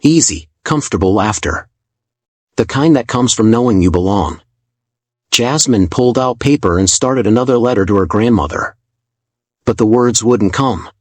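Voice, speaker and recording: A man narrating a dramatic story in a calm, measured, scripted way. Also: on the low side, dry recording.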